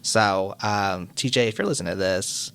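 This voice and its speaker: A man co-hosting a podcast, chatting casually and telling animated, joking stories. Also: on the low side, moderate pace, a little hiss or hum. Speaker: podcast co-host. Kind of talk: casual chat.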